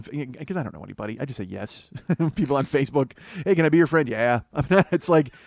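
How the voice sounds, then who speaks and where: A middle-aged man hosting a solo comedy podcast, rambling and profane, breaking into loud mock voices. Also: mid-range voice, dry recording. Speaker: comedian host.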